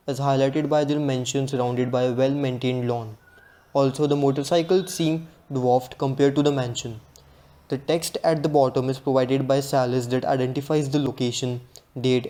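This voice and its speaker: A young man giving a read-aloud class presentation in a steady, earnest way. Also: medium pitch. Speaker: student presenter.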